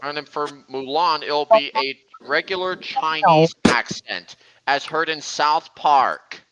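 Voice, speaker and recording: A man's voice: a little high, takes it slowly, a crowd in the background, rough recording. A young man hosting a casual voice-chat stream, rambling and often restarting his sentences. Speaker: stream host.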